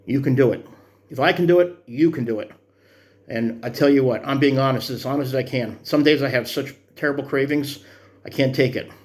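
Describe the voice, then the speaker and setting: A man's voice: medium pitch, steady tone, a little fast, darkish tone. A man in his fifties talking through his workout progress in a vlog, earnest and encouraging in a rambling way. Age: 50s. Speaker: vlogger. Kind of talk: motivational fitness vlog.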